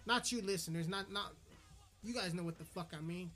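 Wrapping up his podcast, the host lets loose a furious rant, stumbling over words and cursing again and again. His high voice is bright and forceful, a little fast, and there's faint music in the background.

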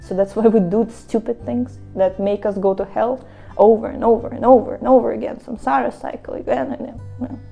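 A woman's voice: a little high, a little fast, gravelly, breathy edge, dull audio, soft background music. A woman from Russia living in India, giving a casual spiritual talk to her viewers and acting out the voices in her stories. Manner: animated storytelling, acts out quoted voices. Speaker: devotional speaker. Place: Mayapur, India.

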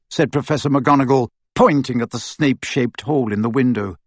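A man narrating a fantasy audiobook in an expressive storytelling manner. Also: medium pitch, fairly quick, few pauses, no room sound. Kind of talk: scripted narration.

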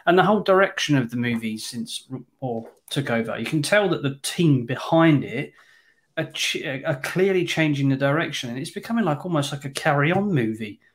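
A man reviewing a film in casual podcast chat, blunt and quick to swear. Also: fairly high pitch, lively intonation. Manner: blunt, sweary, exasperated asides. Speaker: podcast co-host.

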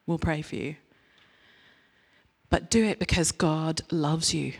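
A woman's voice: low-pitched, steady tone, takes it slowly, creaky, slightly rough. A woman giving a conversational sermon as a church speaker, candid and self-mocking in her stories, earnest and direct in her appeals.

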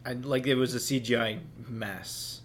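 Man tossing in quick quips. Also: medium pitch, fairly even intonation, fairly bright tone. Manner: brief backchannel replies and quips. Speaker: podcast co-host. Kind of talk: casual chat.

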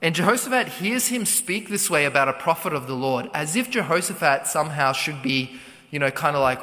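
A man's voice: fairly high pitch, lively intonation, a little fast, sharp tone. A man preaching a Bible teaching sermon, retelling the story conversationally, paraphrasing and asking rhetorical questions. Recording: long hall reverb.

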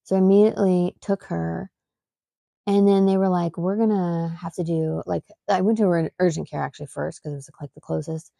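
Low-voiced, gravelly woman telling a story. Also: steady tone, brisk, dark tone, dry recording. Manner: rambling, with many fillers and restarts; emphatic. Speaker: mother and podcast host. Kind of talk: casual storytelling.

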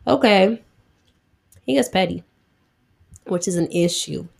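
A woman's voice: lowish voice, lively intonation, a little slow, vocal fry, darkish tone. A young woman retelling a Bible story in a chatty, slangy way, acting out the characters' lines.

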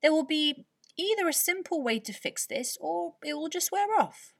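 A woman voicing a calm grandmother who reassures her family in a storybook, with a breathy tone. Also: sits high, normal speed, voice pushed up. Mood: reassuring.

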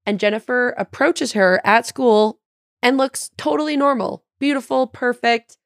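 A woman's voice: a little high, a little slow, no room sound, studio quality. A woman guesting on a podcast in casual chat, retelling a plot with lots of "like" and restarts. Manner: chatty retelling full of "like" and restarts.

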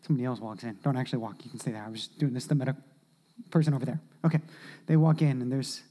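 A man preaching a sermon as pastor, animated, swinging from loud shouts to hushed, near-whispered asides. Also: medium pitch, very fast.

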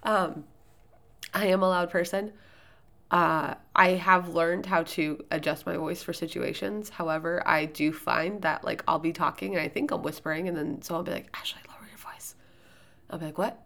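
A loud-voiced woman hosting a podcast, giving writing tips in casual, rambling solo talk with plenty of fillers and restarts. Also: lowish voice, steady tone, a little fast, gravelly.

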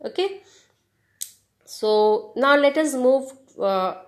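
Woman, podcast teacher, spells words letter by letter, encouraging, unhurried delivery. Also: sits high, expressive. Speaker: podcast host teaching English. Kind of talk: slow spelled-out grammar lesson.

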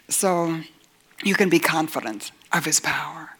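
A woman's voice: sits low, measured pace, gravelly, fairly bright tone, slightly rough. A woman Bible teacher giving a sermon in an earnest voice, asking rhetorical questions and rising to emphatic points.

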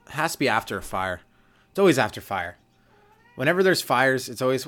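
Young man, from Canada, solo comedy podcast host, rambling, swears a lot, does quick character voices, middle pitch. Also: sing-song, a bit bright. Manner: rambling and loose, acts out little voices, swears freely.

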